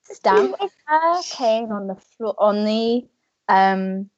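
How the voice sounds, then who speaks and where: Woman dm narrating slow and vivid, a bit high voice, dry dull lo-fi mic. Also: sing-song, darkish tone. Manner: vivid, unhurried storytelling. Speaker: game master. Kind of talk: narrating a tabletop game.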